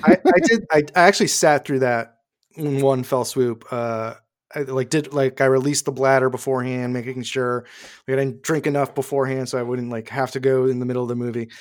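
A man's voice: medium pitch, steady tone, a little fast. A man co-hosting a casual movie podcast, laid-back and joking.

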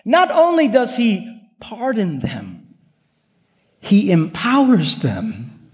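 Here a man preaches slowly in a church sanctuary, his high voice swooping wildly in pitch. The sermon grows earnest through repetition and personal stories, carried on a long hall reverb.

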